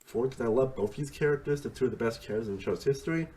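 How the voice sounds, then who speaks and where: A male TV show reviewer talks casually about a series, rambling, restarting sentences mid-thought, and leaning on "honestly" and "again." His voice is medium-pitched, rapid-fire, and warm.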